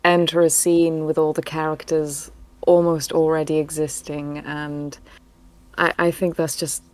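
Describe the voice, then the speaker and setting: A woman with a mellow, rather low voice speaks on a casual live stream. She explains her creative process thoughtfully and in measured phrases. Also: little pitch movement. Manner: thoughtful, measured, laughs softly. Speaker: co-host and voice actress.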